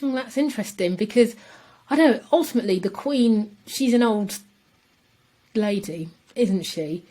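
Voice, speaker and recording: A woman co-hosting a podcast in casual chat, animated and emphatic. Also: medium pitch, moderate pace. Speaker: podcast co-host.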